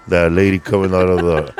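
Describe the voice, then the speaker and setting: A man's voice: deep voice, steady tone, moderate pace, darkish tone, slight background noise. A man hosting a casual chat, rambling, joking and swearing freely. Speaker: podcast host.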